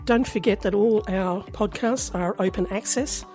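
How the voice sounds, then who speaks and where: A woman hosting a podcast interview, with a touch of gravel in her voice. She asks measured questions and reads a brisk closing script, while soft music plays faintly underneath. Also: mid-range voice. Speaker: podcast host.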